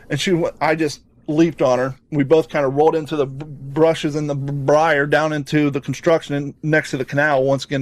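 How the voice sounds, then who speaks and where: A man hosting a podcast, telling a rambling, profane story in an animated, casual way. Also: on the high side, no echo. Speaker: podcast host.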